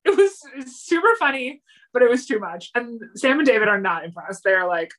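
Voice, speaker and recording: A woman co-hosting a podcast, retelling a TV episode in an animated, chatty way and slipping into the characters' lines. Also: on the high side, normal speed. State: yawning, a little tired. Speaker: podcast co-host. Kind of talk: casual chat recapping a TV episode.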